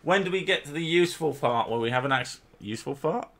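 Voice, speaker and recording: Bright-toned, swearing male host. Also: on the high side, lively intonation, fast talker. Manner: profane, argumentative banter. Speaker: channel host. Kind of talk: casual chat with his wife. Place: home.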